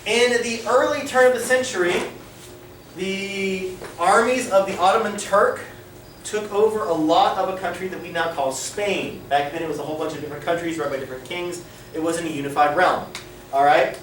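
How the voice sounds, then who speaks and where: A man's voice: high voice, normal speed, fairly bright tone. A man teaching a class, asking questions and mixing Spanish phrases into his talk, recorded by a camera across the classroom. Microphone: camera across the room. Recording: echoey classroom from far off with faint noise.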